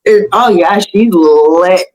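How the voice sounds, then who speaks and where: A woman hosting a casual celebrity gossip chat, talking in a chatty, animated way with fillers and laughter. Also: fairly low pitch, takes it slowly, rough recording. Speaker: host.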